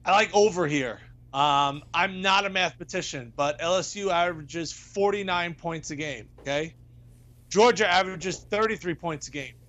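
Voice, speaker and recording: A man giving an animated, emphatic pick as a sports betting analyst in a studio debate, repeating points for effect. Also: on the high side, normal speed.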